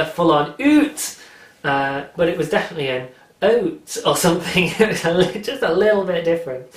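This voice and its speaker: A British man hosting a craft podcast in casual, enthusiastic chat, with frequent ums. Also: on the high side. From Britain. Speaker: podcast host. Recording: roomy echo.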